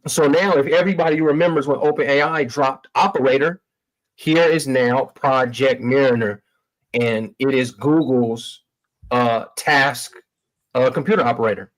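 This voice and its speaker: A man's voice: medium pitch, moderate pace, poor audio. Casual man hosting a tech livestream. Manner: loose, slangy, addresses viewers as y'all. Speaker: livestream host. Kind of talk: casual tech demo talk.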